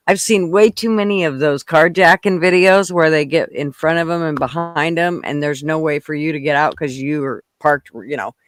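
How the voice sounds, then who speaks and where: A man with a fairly high voice chats easily on a podcast, measured and agreeable, often murmuring along with the others. His voice sounds dry and near the mic. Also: fairly bright tone, dry recording. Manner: thoughtful, agreeable, frequent back-channel replies. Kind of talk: casual chat.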